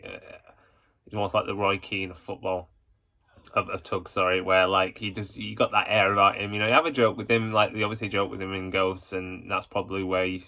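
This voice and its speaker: Deep, flat-voiced man rambling fondly. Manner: rambling, full of hesitations and "you know"; enthusiastic fan. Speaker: YouTube channel host. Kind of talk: casual ranking vlog.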